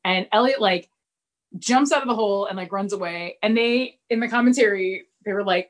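A woman's voice: mid-range voice, fairly quick. Chatty woman retelling a TV plot. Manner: lively retelling, acting out characters' lines with laughs. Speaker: podcast co-host recapping a TV episode. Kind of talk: casual chat.

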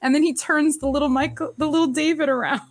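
A woman co-hosting a podcast, chatting casually about a TV episode with frequent laughs and quick asides. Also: high voice, steady tone. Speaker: podcast co-host. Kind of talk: casual chat recapping a TV episode.

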